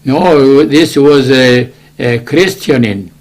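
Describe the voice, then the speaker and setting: A man in his eighties with a Macedonian accent, telling his life story in an animated way for an oral history interview. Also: medium pitch, slow. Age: 80s. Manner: animated storytelling, switching between languages.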